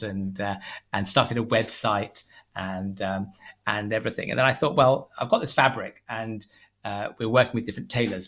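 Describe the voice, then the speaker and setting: A man's voice: medium pitch, sharp tone. A man, a tweed company founder, telling rambling stories in a casual interview, full of fillers and restarts.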